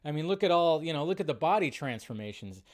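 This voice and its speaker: A man with a high-pitched voice hosts a live movie news stream. He rants and sounds exasperated, talking straight to his viewers. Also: very animated, fast talker. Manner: ranting, exasperated, talks to viewers.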